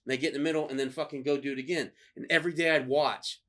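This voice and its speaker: A man casually telling stories on a podcast, swearing freely, laughing and acting out quotes loudly. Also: a little high, fairly even intonation, rapid-fire. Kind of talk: casual storytelling chat.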